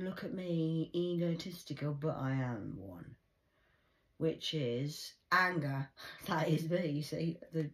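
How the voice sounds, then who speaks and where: A low-pitched woman rambles through a spiritual card reading. She scolds and lectures, then leaps into sudden high, theatrical bursts before dropping back down. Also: darkish tone.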